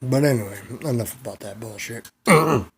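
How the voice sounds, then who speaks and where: A man with a middle-pitched voice rambles through a crude comedic vlog monologue. He swears freely, wanders off topic, and laughs at his own jokes as he goes. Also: moderate pace, gravelly, heavy background noise. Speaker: vlogger.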